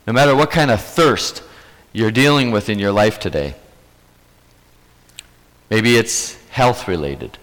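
A male pastor delivering a sermon at an unhurried pace, his pitch rising and falling expressively. He speaks earnestly and repeats phrases for emphasis. His voice carries a long echo, as if in a large church hall. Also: a bit bright. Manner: earnest, repetitive emphatic preaching.

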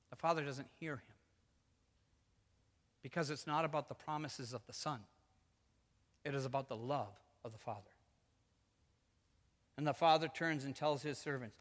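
A male pastor preaching a lively sermon, telling the story with feeling and acting out the quotes, moving between loud and hushed. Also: on the high side, moderate pace, long pauses, long reverb tail. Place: church sanctuary.

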